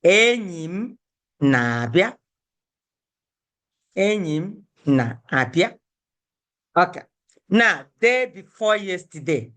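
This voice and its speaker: A woman teaching an online language class, patiently repeating phrases slowly and calling on students by name. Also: lowish voice, very animated, a bit bright.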